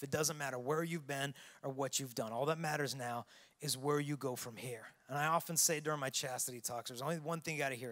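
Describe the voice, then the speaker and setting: A man giving a keynote to a large youth conference, preaching with earnest storytelling that swings between hushed and loud. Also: medium pitch. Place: large arena with long reverb. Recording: long hall reverb.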